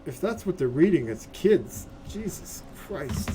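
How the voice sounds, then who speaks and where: Streaming a game, this man speaks in a fairly high voice, unhurried but with hardly any pauses, against a noisy background. His casual commentary is excitable and full of cursing as he addresses his chat and keeps asking "right?".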